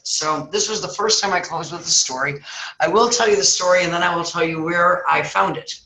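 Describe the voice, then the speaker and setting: A woman's voice: fairly low pitch, brisk, vocal fry. A woman, a guest speaker, telling a story in casual chat and acting out voices. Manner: animated, acts out voices. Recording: echoey room.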